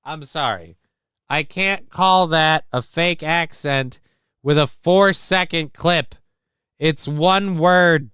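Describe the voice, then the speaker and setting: A livestream host, male, speaks slowly in a higher, sharp voice with a clear, resonant tone, captured dry in clean studio sound. He rambles crudely through a casual stream, reacting to clips and reading chat aloud while feeling sick.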